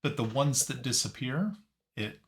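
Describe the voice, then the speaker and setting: A man narrating a tabletop game as game master, halting and searching for his words. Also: mid-range voice, lively intonation.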